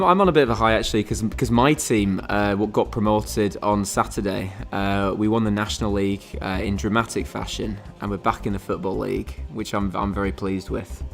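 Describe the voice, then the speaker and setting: A man hosting a quiz game on a live stream, chatting casually and rambling with lots of fillers and restarts. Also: on the low side.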